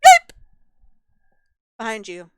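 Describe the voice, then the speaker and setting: A woman narrating a tabletop role-playing game as game master, in a relaxed storytelling style with many fillers. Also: slow, very noisy.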